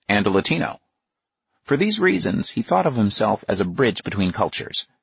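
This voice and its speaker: A man with a husky voice giving a measured, expressive nonfiction audiobook narration. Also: lowish voice, no echo, dull audio.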